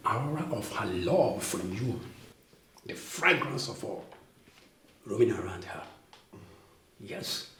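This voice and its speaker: An actor with a Nigerian accent playing a flattering, persuasive friend who coaxes his friend toward a woman. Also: medium pitch, echoey room, far from the mic, slight background noise. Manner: flattering, coaxing, chuckling.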